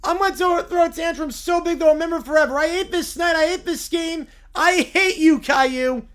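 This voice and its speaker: A man's voice: very high-pitched, normal speed, fairly bright tone. A text-to-speech voice playing a male bear hockey fan who whines and wails over a loss. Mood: furious. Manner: wailing, petulant complaints. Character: whiny bear, sore hockey fan, throwing tantrums.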